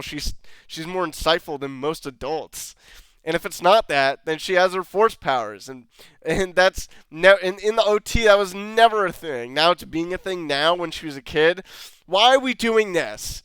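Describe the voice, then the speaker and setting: A man's voice: a little high, fairly bright tone, clear, resonant tone, no room sound. A man ranting sarcastically in a show review, exasperated and swearing often. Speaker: video reviewer.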